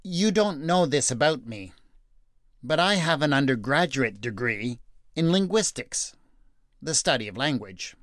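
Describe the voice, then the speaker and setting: A man hosts a podcast, reading scripture and then reflecting on it in a measured, deliberate way. He takes his time over each phrase. His voice sits in a mid pitch and sounds dry and close, with no room around it. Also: animated, fairly bright tone, dry recording. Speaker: podcast host.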